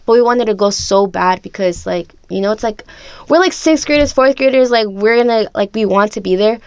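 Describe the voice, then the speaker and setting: A woman's voice: mid-range voice, fairly quick, clear, resonant tone. A woman guest telling a childhood story in casual chat, chatty and full of "like", acting out family dialogue. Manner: chatty, heavy use of "like", acts out family dialogue. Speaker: podcast guest.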